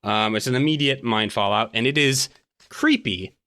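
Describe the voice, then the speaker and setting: A man's voice: mid-range voice, normal speed, pushed and bright. A man running a tabletop game as game master, talking casually with frequent fillers.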